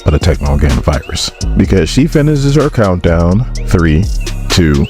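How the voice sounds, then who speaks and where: A man's voice: sits low, very animated, normal speed, a little mellow, faint music behind. A man in his forties giving a casual comic book story recap, acting out characters and laughing often. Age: 40s. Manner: acts out characters with raised voices, laughs often.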